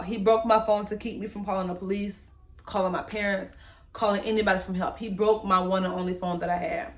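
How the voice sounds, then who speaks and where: A young woman, emotionally recounting a personal story to the camera in a candid, halting way and speaking straight to her viewers. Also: medium pitch. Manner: candid, halting, speaks to viewers as "y'all", voice rises when reliving moments. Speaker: vlogger telling her story.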